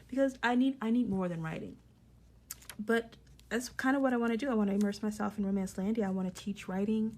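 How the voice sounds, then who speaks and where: A woman's voice: mid-range voice, fast, a little mellow. A woman in her forties, a romance author, chatting casually and rambling with plenty of fillers as she flips through her journal.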